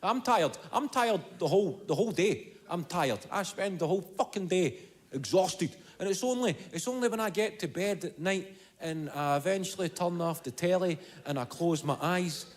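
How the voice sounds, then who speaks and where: High-voiced, sweary Scottish comedian. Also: male voice, moderate pace. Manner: animated, profane storytelling. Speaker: stand-up comedian. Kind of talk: stand-up comedy.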